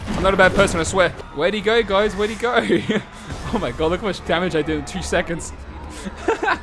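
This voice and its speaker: Brief: young male gameplay host, hoarse, swearing and shouting at the game, music behind. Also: high-pitched, moderate pace, a crowd in the background. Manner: loud, laughing, swearing, yelling at the game. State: hoarse from screaming. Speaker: gaming video host. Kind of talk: gameplay commentary.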